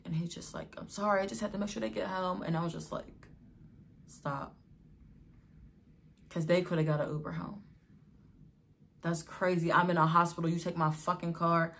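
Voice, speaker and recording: A young woman with a slightly low voice tells a personal story to her viewers in a vlog. She sounds exasperated and wounded, often turning to the audience with "y'all". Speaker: vlogger telling a personal story.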